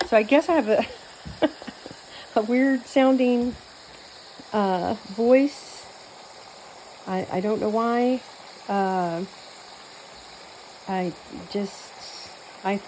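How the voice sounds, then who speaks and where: Chatting as she cooks, this woman rambles with plenty of fillers and false starts in a Southern accent; she was born in New Mexico but grew up mostly in Texas. Her voice sits at medium pitch with a darkish tone, and the poor audio carries a little hiss or hum.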